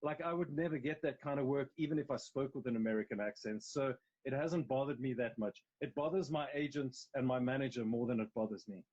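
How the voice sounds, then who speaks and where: A man's voice: mid-range voice, a little fast, few pauses, darkish tone. South African male actor, chatty guest, emphatic rambling delivery, slightly muffled phone audio. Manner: rambling, emphatic, frequent restarts. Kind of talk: casual interview chat. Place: at home on a live video call. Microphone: mobile phone live stream.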